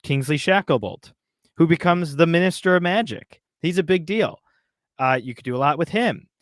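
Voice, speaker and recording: A man's voice: a little high, expressive, moderate pace, dry recording, clean studio sound. A man co-hosting a casual podcast, ranting in a heated, exasperated way. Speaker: podcast co-host.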